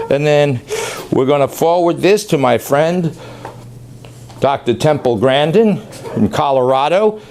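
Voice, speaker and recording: Chatty dog-training man, slightly high voice. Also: darkish tone, a little hiss or hum. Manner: rambling, chatty, self-correcting. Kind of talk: casual on-camera training demonstration.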